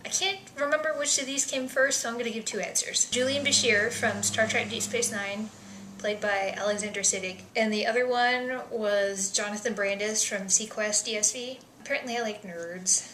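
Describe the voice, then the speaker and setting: A young woman vlogger chatting casually through survey questions, self-deprecating, with soft mumbled asides. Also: on the high side, normal speed, reverberant, slight background noise, low-quality recording.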